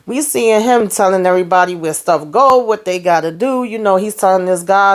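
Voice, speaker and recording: A woman's voice: mid-range voice, brisk, hardly any pauses. A woman hosting a casual TV review, chatting through an episode recap and quoting characters with shifts in her voice. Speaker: TV review host.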